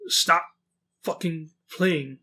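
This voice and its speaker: An eerie goat creature, as a man puts it on for a spoken horror tale, slow and halting with a strangely toned voice that has none of a person's rhythm. It sounds quiet and hollowed out, unlike the storyteller's usual bright voice. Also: fairly high pitch, heavily acted. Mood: menacing. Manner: halting, without natural rhythm. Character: halting, unnatural goat creature begging entry.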